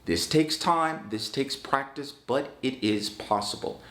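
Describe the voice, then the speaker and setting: A man giving an online English lesson, talking slowly and deliberately with firm emphasis. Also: mid-range voice, a bit bright, roomy sound. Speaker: English teacher.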